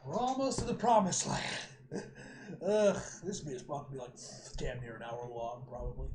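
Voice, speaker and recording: A man's voice: mid-range voice, normal speed, darkish tone. A young man reading a comic aloud and reacting with sarcastic, swearing asides. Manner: reads panels aloud, cursing, sarcastic asides. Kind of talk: casual comic book reading.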